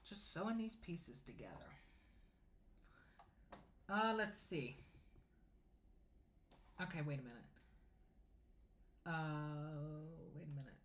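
A man's voice: on the high side, expressive, takes it slowly, long pauses, reverberant, noisy background. A young man in his late teens hosting a casual sewing livestream, chatting and reading viewer comments aloud as he answers them. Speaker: sewing channel host. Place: home sewing room.

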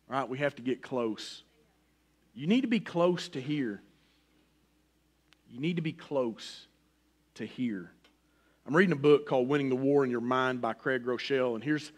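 A middle-aged man preaches a sermon with folksy personal asides. His delivery swings between loud, pressing emphasis and a soft, hushed near-whisper. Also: medium pitch. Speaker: pastor.

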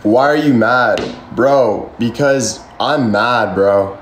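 A young man rambles through a casual livestream chat, answering comments, his talk packed with "like" and swearing. His voice sits at an ordinary male pitch. He is recorded in an echoey room with a faint hum of ambience. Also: takes it slowly. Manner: rambling, swears a lot, constant "like" fillers.

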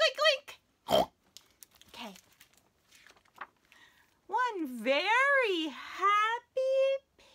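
A children's librarian hosting story time reads picture books aloud to young kids in a very high, bright voice. She's unhurried, animated, and sing-song, exaggerating for the children and counting along.

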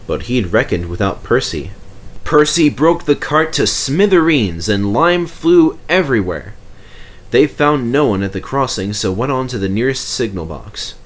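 A man reading a children's railway story aloud, telling it with expressive, animated delivery. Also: medium pitch, moderate pace. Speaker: storybook reader.

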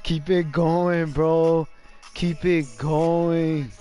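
A man streaming a game live, shouting and swearing excitedly, repeating phrases over and over. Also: a little high, drawn-out words, smooth, faint music behind. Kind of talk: hyped live gaming commentary.

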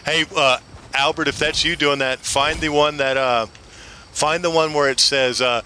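Bright-voiced man joking through a game stream. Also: mid-range voice, fairly even intonation, normal speed, slight background noise. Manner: joking, rambling, swears casually. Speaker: streamer playing an online shooter. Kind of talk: casual gaming chat.

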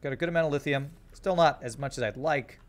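A man's voice: medium pitch, fast. Man musing through a game stream. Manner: thinks aloud, chats to viewers. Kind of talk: casual live-stream gameplay commentary.

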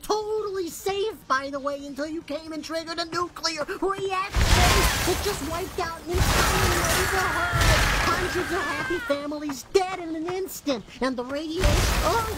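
A woman voicing a tiny, melodramatic alien townsperson who rambles, whines and swears. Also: very high-pitched. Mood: wailing. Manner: rambling, whiny, swears a lot.

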